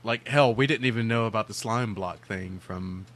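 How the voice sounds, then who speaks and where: Male podcast co-host, lower voice, dry teasing humor. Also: normal speed, a bit bright. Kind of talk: casual chat.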